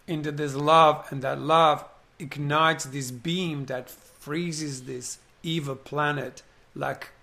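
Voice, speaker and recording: A man with a slightly high, gravelly voice eagerly retells a film scene in conversation. He's animated, acting out the parts and tossing in plenty of rhetorical questions.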